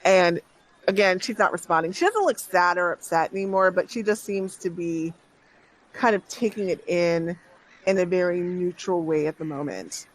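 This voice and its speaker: Unhurried, hesitant game master narrating. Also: medium pitch, rough recording. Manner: unhurried, hesitant, restarts with many fillers.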